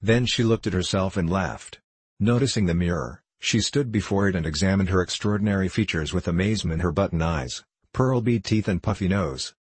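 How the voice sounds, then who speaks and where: Low, husky male storyteller. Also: brisk, no echo. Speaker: audiobook narrator. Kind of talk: storybook narration.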